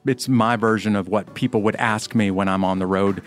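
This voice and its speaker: A man's voice: on the low side, fairly even intonation, moderate pace, faint music behind. A middle-aged man, a former Army chaplain, telling his story as an interview guest in an earnest, modest, self-deprecating way.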